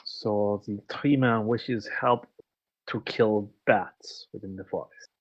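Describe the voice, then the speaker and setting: A man voicing a formal-spoken fantasy adventurer in a put-on French-sounding accent, slow and halting. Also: fairly low pitch, fairly even intonation, dull audio. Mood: measured. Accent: unintended French-sounding put-on accent. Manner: slow, halting, formal speech without contractions.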